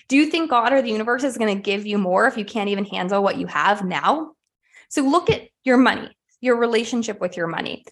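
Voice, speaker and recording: A woman hosting a podcast who talks candidly and with energy, sometimes swearing casually, while coaching her listeners at home. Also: medium pitch. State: sweaty and a bit winded. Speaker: podcast host. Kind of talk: motivational podcast monologue. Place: at home, puppy in the room.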